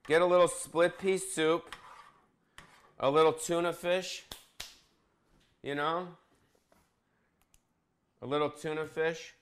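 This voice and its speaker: A man's voice: fairly high pitch, steady tone, slow pace, long pauses. A man hosting a casual comedic cooking vlog, bossy and profane, teasing his cameraman. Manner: crude, bossy, joking, profane.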